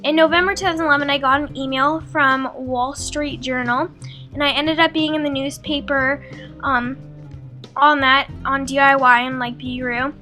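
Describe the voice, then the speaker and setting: A teenage girl narrates her life story over a drawing video, with a high, bright voice. She talks in a loose, chatty way full of likes and ums and plays out her own old quotes. Faint music runs underneath. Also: steady tone, moderate pace. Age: teens. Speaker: beauty vlogger.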